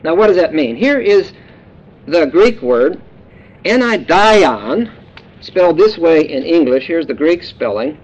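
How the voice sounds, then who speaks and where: A man's voice: on the high side, animated, normal speed, a little mellow. Folksy male preacher, dull lo-fi sound. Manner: folksy, joking teacher explaining words. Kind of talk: sermon.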